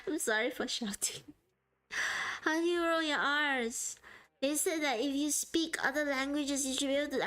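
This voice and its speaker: Her voice sits high and sounds smooth, bright, and a bit pushed. While drawing on a live stream, she keeps up easygoing chatter with the audience, laughing frequently, sometimes mid-sentence.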